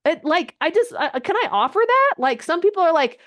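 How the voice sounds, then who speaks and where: A woman coaching a group live on a video call, chatty and animated, her voice jumping up when she gets excited. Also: very high voice, fairly quick. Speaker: social media coach. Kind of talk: live online coaching session.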